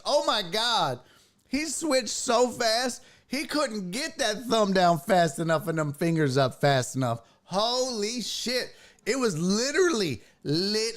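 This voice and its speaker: Profane, unhurried sports-talk man. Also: high-pitched. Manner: profane, animated, mocking. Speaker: sports podcast host. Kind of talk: casual sports rant.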